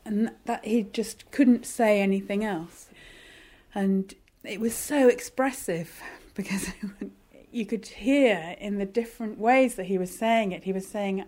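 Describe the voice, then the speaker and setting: Woman recalling events, reflective storytelling, mellow warm tone, mid-pitched. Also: steady tone, measured pace. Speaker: patient's wife. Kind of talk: documentary interview.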